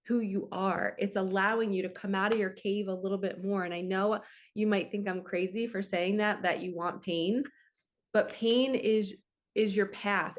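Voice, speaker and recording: A woman hosting her own channel as a spiritual coach, speaking to camera in a casual, earnest and reflective way, with frequent fillers. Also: mid-range voice. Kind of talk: casual heartfelt talk to camera.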